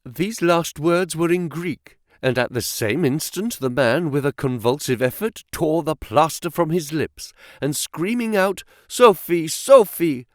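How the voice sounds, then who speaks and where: A male audiobook narrator reading a classic detective story in a measured, dramatic way. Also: on the high side, lively intonation, no echo, studio quality.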